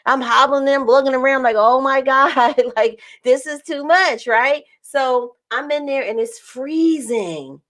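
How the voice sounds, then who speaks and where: A woman's voice: sits high, measured pace, hardly any pauses, a bit bright. A young woman vlogging to camera in casual storytelling, acting out quoted lines in a raised voice and laughing often.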